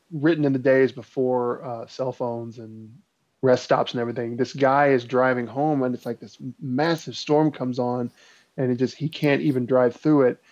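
A man casually telling a spooky story in a relaxed, rambling way with lots of fillers. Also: mid-range voice. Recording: dull lo-fi sound.

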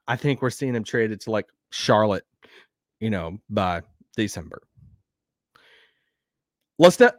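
A man with a Southern accent hosting a sports podcast, rambling and animated, laughing now and then. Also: fairly low pitch, no echo, clean studio sound. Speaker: podcast host. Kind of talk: casual sports talk.

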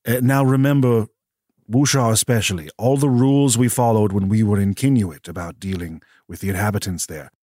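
A man's voice: on the low side, mellow, dry recording, studio quality. A man speaking as his character in a tabletop game, careful and a little formal. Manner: measured, careful, slightly formal. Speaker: player. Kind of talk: tabletop role-play in character.

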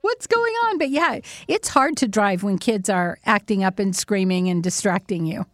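A middle-aged woman hosting a casual chat, animated and laughing often as she acts out little quotes. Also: mid-range voice, moderate pace, dry recording, studio quality. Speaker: host.

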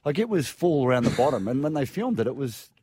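A man's voice: mid-range voice, very animated, quick pace, dark tone, husky, dry recording. A man with an Australian accent chatting on a sports radio panel, rambling and repeating himself as he builds a point. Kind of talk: casual sports chat.

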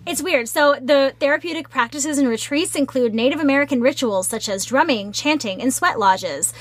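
A woman's voice: sits high, normal speed. A woman co-hosting a casual podcast discussion, earnest, reading from her notes with restarts. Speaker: podcast co-host.

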